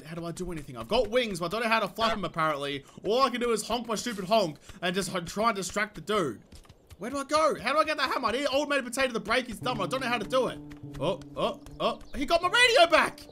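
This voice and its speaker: A young man giving playful, excitable gameplay commentary, giggling and swinging between hushed scheming and loud outbursts. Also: high voice, slight background noise. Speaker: gaming YouTuber.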